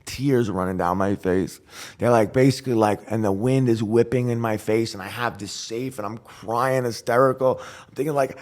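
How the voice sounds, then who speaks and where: A man guest on a podcast, telling his recovery story with animated storytelling, acting out voices and dropping to a whisper at grim moments. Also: medium pitch, moderate pace. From New York. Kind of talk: emotional storytelling.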